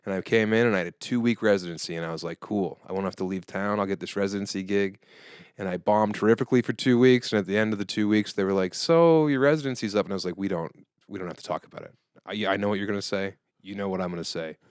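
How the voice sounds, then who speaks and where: Comedian guest, thirties, low smooth voice, dry studio sound, animated storyteller who slips into character voices. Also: male voice, quick pace, no room sound. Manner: animated storyteller, acts out the people he quotes in high or low voices. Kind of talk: casual podcast chat, storytelling.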